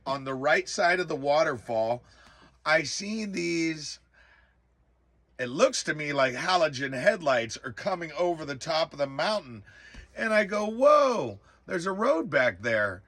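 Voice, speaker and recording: A man telling a personal story in a casual, animated way, exclaiming often and filling pauses with "uh" and "um". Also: fairly high pitch. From rural area. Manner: animated, exclaims in bursts, many fillers. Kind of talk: casual spoken recollection.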